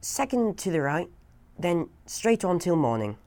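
Lady doing a cocky little boy, a bit low, bouncy and boastful. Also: sing-song, a little slow, mellow. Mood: defiant. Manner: boastful, defiant. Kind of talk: storybook reading.

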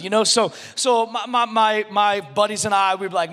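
A man in his thirties preaching a sermon in a conversational, animated way, with frequent restarts and acted-out quotes. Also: high voice, fast talker, hardly any pauses, in a large hall. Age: 30s. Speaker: pastor.

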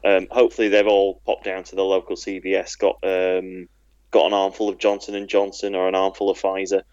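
A man's voice: low-pitched, monotone, a little fast, darkish tone, no echo, dull audio. A man standing in as podcast co-host, joking and rambling with frequent restarts. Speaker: guest co-host. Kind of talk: casual podcast chat.

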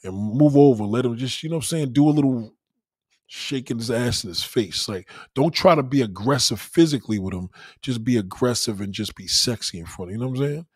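Husky, profane livestream host, man. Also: medium pitch, brisk, dry recording, studio quality. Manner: loud, laughing, profane banter reacting to chat. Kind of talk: casual late-night livestream chat.

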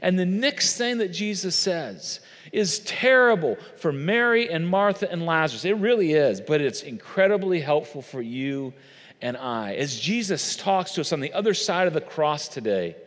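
A man's voice: a little high, lively intonation, moderate pace, a bit bright, long reverb tail. A man preaching a sermon, earnest and conversational, speaking straight to his listeners. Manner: earnest, conversational, addresses audience directly. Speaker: pastor.

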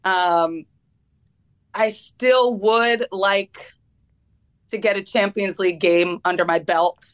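A woman's voice: mid-range voice, fairly even intonation, takes it slowly, long pauses. A young woman footballer from the United States answering interview questions casually, with frequent ums and laughs. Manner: laughs often, many ums. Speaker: guest footballer.

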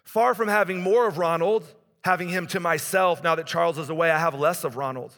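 A man in his forties preaches a conversational sermon in a church, his intensity rising and dropping as he goes. His voice is fairly high and fairly bright, his pace brisk, with a long hall reverb.

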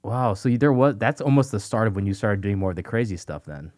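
A woman's voice: very deep voice, lively intonation, quick pace, dark tone. A woman chatting casually on a podcast, reacting with awe and playful slang. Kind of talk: casual chat.

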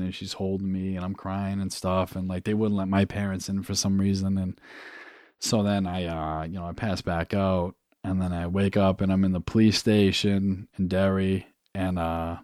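A young man from New Hampshire recounts his own past as a guest, in a low voice. He talks casually and swears freely, often stopping on fillers. The sound is dry and close, with no room echo. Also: a little mellow. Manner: casual and profane, halting with fillers. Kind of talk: candid personal storytelling.

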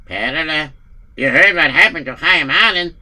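A man's voice: a little high, expressive, measured pace, sharp tone, full character voice. A man voicing a nervous village innkeeper with a Yiddish accent, stammering and fretting in an amateur radio play. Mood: flustered. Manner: anxious, frets aloud with many stammered fillers. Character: worried male village innkeeper, nervous and fretful.

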